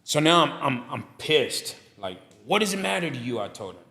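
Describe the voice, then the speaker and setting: This middle-aged barbershop owner and pastor has a fairly high voice and speaks at a normal speed. As a guest on a casual podcast, he tells stories with lots of animation, playing out each person he quotes.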